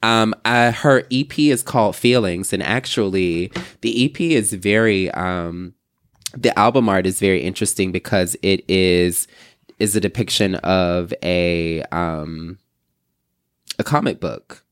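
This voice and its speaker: A young man co-hosting a casual group chat, slangy and animated when telling stories. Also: low voice, unhurried, clear, resonant tone, no echo. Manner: animated, slangy, laughing storyteller. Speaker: podcast co-host.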